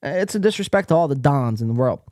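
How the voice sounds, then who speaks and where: A man's voice: mid-range voice, lively intonation, quick pace, darkish tone, no room sound, studio quality. A male podcast host giving casual, profane, mocking commentary while reading out online posts. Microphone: desk mic, acting up.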